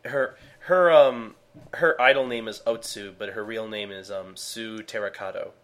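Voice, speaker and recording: A man's voice: fairly low pitch, steady tone, a bit bright. A man co-hosting a podcast, chatting casually and acting out characters' lines with plenty of swearing and laughs. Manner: swears a lot, acts out characters' lines in quick bursts with laughs. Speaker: podcast co-host recapping a manga. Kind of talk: casual chat.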